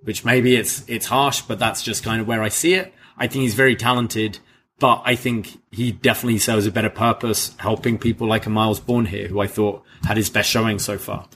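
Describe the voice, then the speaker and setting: A man's voice: fairly low pitch, fairly even intonation, a little fast, a bit bright, a little hiss or hum. A man co-hosting a podcast, sharing opinionated takes in casual chat and hedging with "I think". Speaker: co-host.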